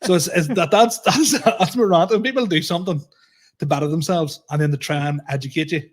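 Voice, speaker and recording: A man's voice: on the high side, fairly quick. A man in his thirties co-hosting a comedy podcast, ranting in casual chat, laughing often, repeating himself and swearing freely. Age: 30s.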